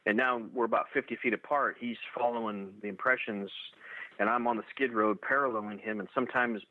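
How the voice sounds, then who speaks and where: A man telling his own encounter story in a halting way, full of restarts and fillers. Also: medium pitch, steady tone, dry recording. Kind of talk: first-person storytelling. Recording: tinny dry phone-like radio audio.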